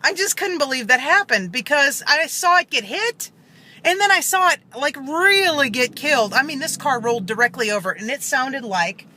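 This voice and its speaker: Earnest woman with a very bright voice. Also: high voice, expressive, normal speed, slight background noise, rough recording. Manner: earnest, rambling, many fillers and restarts. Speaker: vlogger. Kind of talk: casual storytelling to camera.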